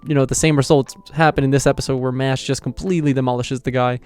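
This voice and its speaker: A young man excitedly recapping an anime episode in slangy, casual talk. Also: mid-range voice, quick pace, smooth, faint music behind. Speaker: anime reviewer.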